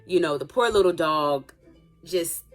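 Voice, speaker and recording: Woman telling an animated story over faint music. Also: low-pitched, measured pace. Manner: animated, dramatic retelling with playful asides and laughs. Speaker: storytime vlogger. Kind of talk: casual storytelling to camera.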